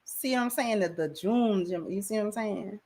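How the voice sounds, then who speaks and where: A woman's voice: mid-range voice, normal speed, darkish tone. A woman hosting a livestream, talking casually in a slangy, rambling way on a camera mic. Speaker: livestream host.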